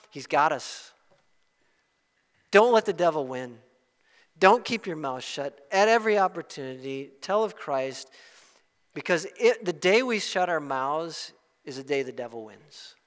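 A man preaching a sermon as pastor, impassioned and rising to loud peaks before dropping back to a closing prayer. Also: a little high, big pitch swings, a little slow, pauses often, in a large hall.

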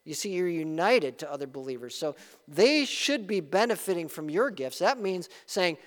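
A man's voice: high-pitched, sing-song, moderate pace, big-room sound. A man preaching a sermon as pastor, earnest and emphatic, with rising bursts of emphasis.

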